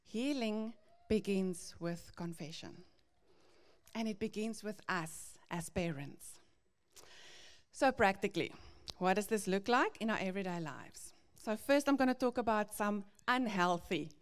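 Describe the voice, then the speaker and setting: A woman giving a devotional teaching to parents, earnest and gently confessional as she reads out Bible verses. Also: mid-range voice, lively intonation, unhurried.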